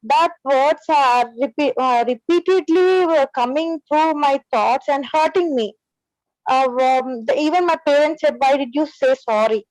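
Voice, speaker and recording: A high-voiced woman speaks in a dry, close sound over a video call. She talks haltingly and keeps pausing and starting her sentences over. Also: darkish tone, no room sound, poor audio. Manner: hesitant, full of pauses and restarts. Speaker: participant asking a question. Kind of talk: halting spoken question in online class.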